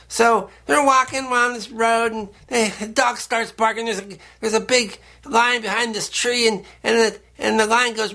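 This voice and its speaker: A man hosting a deadpan satirical monologue, rambling in a halting, earnest, offbeat way. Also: very high voice, vocal fry. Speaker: host.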